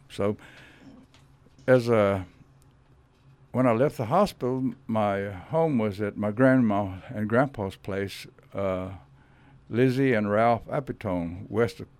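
Man in his 70s, radio guest recalling his youth, lowish voice, reminiscing. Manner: reminiscing, warm and unhurried. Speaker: guest, veteran. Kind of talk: telling life stories in radio interview. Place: radio studio.

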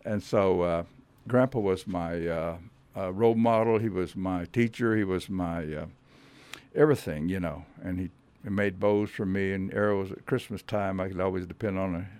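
Man, 70s, veteran, radio interview guest, lowish voice, reminiscing. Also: steady tone, clean tone, dry recording. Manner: reminiscing, warm and unhurried. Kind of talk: telling life stories in radio interview. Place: radio studio.

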